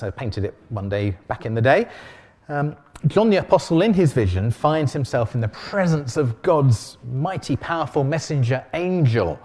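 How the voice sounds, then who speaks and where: A man's voice: medium pitch, warm tone. A man preaching a conversational sermon, often asking the congregation rhetorical questions.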